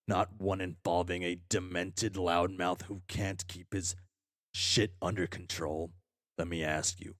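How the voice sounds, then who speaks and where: A man's voice: low-pitched, no room sound, studio quality. A man playing Karkat, furious foul-mouthed troll. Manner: shouting tirades, heavy swearing. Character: furious young male troll, foul-mouthed, self-loathing.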